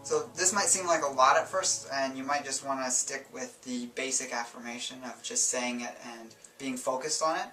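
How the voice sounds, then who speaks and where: Guy explaining self help stuff, bright voice, kinda far from the mic in an echoey room. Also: medium pitch, moderate pace, hardly any pauses. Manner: relaxed, rambling explanations with fillers and self-corrections. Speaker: self-help channel host. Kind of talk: casual instructional talk. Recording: roomy sound from a distance, faint music.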